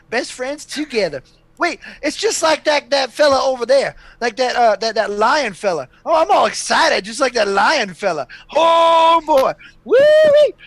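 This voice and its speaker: A man voicing a hyper-excited, friendly male hologram who stammers eagerly. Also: high-pitched, no echo. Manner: bubbly, stammering, overeager.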